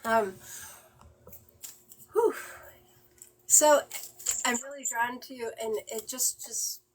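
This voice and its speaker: A woman medium giving a live-stream reading. She talks in halting, emotional bursts with many fillers and sighs. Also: a little high, a little hiss or hum, poor audio.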